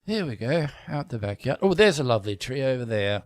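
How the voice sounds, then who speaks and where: A man's voice: high voice, brisk, sharp tone, voice pushed up. A man playing a pompous, posh English scientist who is haughty and self-important.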